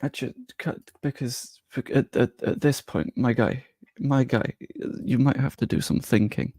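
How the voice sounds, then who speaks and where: A man's voice: mid-range voice, a little mellow, slightly rough, no room sound. A man hosting a livestream chat, teasing and joking with dry, self-deprecating humor. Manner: teasing, quick-witted. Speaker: host.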